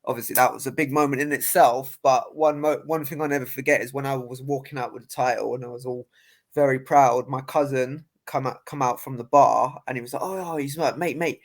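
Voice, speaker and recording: A man's voice: mid-range voice, fairly even intonation, brisk. A young man, a boxer telling stories in casual podcast chat, laughing often and restarting his sentences. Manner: laughing, storytelling with many restarts.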